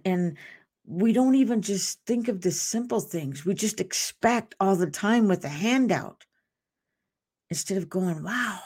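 A woman's voice: on the low side, dark tone. A woman hosting a devotional podcast, talking earnestly and off the cuff, with restarts and asides. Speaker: podcast host.

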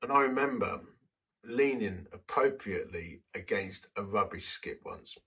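Man, husky low voice, sermon, heard from off-mic, self-deprecating storyteller. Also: unhurried, pushed and bright, far from the mic, low-quality recording. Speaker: preacher. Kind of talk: sermon with personal testimony.

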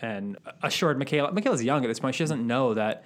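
A man's voice: mid-range voice, lively intonation, fast talker. A man co-hosting a podcast, telling a story in a casual, rambling way with frequent ums. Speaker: podcast co-host.

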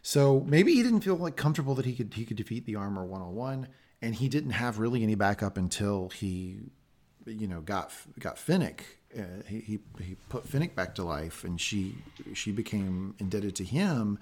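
A man hosts a casual podcast, recapping a show with excitable, animated energy. He swears freely as he talks. His voice sits fairly low. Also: moderate pace. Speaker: podcast host.

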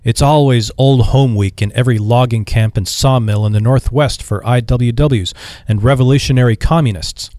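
A man voicing a bossy old male shipping tycoon who talks in a shrill, blustering bark. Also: moderate pace, a little mellow, no echo, studio quality, close to an everyday voice. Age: older.

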